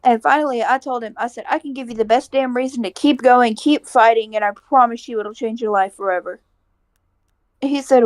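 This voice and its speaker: A woman's voice: a little high, steady tone, fairly quick, no echo. A woman co-hosting a casual podcast, bluntly retelling a story with quoted dialogue and swearing. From American Midwest. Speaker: podcast co-host.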